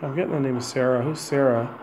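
A man investigating the paranormal, gently coaxing and questioning unseen spirits inside a hotel room. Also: medium pitch, fairly even intonation, a little fast, background noise. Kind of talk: ghost box session, questioning spirits.

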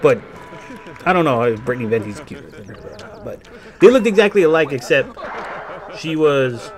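A man's voice: medium pitch, animated, normal speed. A man telling a rambling, profane personal story during a game playthrough, often correcting himself. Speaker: gaming channel host.

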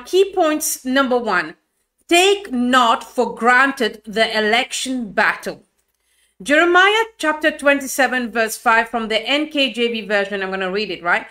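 A woman's voice: on the high side, sharp tone. A woman leading a Bible study, emphatic and fond of rhetorical questions.

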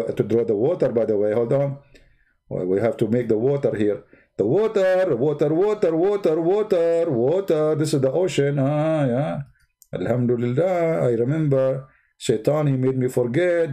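A man with a medium-pitched, mellow voice that has a breathy edge hosts his own channel. While drawing, he offers sarcastic commentary, wandering into asides and tossing out mocking rhetorical questions.

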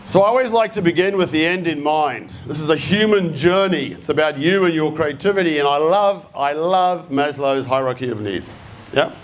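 A man's voice: a little high, normal speed, a little hiss or hum. An Australian man giving a live talk to an audience, casual and blunt, swearing freely and quizzing the crowd. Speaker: speaker at a creative talk. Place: event room with a live audience.

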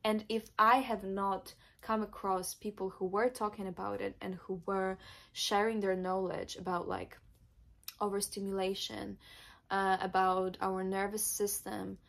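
A woman's voice: medium pitch, level tone, unhurried, vocal fry, fairly bright tone. A young woman, not a native English speaker, telling an emotional personal story in her vlog, with many filler words. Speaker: vlogger.

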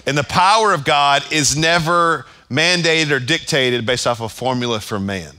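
A man's voice: a little high, moderate pace, bright, forceful tone. A man pastor preaching a sermon at a church service, emphatic and full of repeated phrases.

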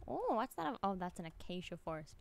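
A woman livestreaming a game, chatting with viewers in an excitable way and often laughing at herself. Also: mid-range voice, brisk, vocal fry. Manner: chats to viewers while playing. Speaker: streamer. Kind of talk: live game stream chat.

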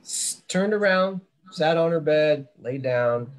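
A man's voice: on the high side, expressive, slow. A man in a church class sharing a personal testimony, telling it in a reflective, meandering way. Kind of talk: storytelling testimony.

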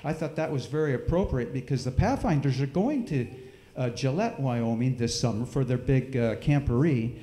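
A middle-aged man telling a folksy, animated story with sound effects during a church service. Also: medium pitch, moderate pace, reverberant. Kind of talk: storytelling in a sermon. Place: church hall.

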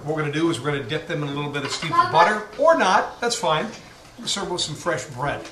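A man hosting a casual cooking demo outdoors, upbeat and jokey, getting loud with excitement. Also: fairly high pitch, quick pace. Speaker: home cooking host. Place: outdoor backyard grill area. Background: faint burner roar and outdoor noise.

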